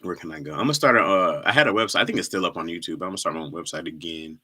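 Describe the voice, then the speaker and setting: A man's voice: sits low, very fast, pushed and bright, slightly rough. A young man from Michigan hosting a casual livestream, reading viewer comments in loose slang and laughing often. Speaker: livestream host.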